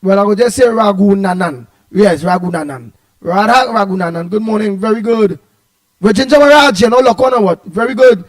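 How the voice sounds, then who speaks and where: A man's voice: sits high, brisk. A man with a Trinidadian accent hosting an online talk show, greeting viewers by name in rambling, repetitive, teasing live-stream chat. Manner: rambling and repetitive, stumbling over words; playful, teasing banter.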